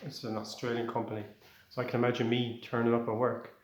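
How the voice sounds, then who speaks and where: A man's voice: mid-range voice, flat delivery, fast, roomy sound. An Irish man doing a rambling, conversational stand-up set. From Ireland. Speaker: stand-up comedian.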